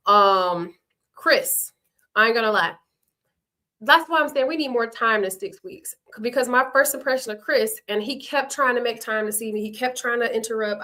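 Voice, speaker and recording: Chatty young woman livestreamer, rambling and frank, tense bright voice sitting a bit high. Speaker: reality show cast member hosting a livestream. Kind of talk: unscripted livestream chat.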